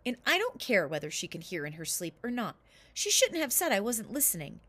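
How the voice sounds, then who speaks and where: A woman's voice: mid-range voice, huge pitch swings, a little fast, fairly bright tone. A woman voicing an earnest, touchy young boy in a storybook who insists he was listening. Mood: insistent. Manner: insistent, a bit cross.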